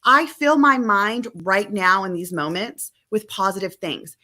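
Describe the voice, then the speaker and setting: In an unhurried, medium-pitched voice, a woman works as a family coach in a live-streamed video-call conversation. She stays emphatic and animated, often dramatizing quoted family exchanges.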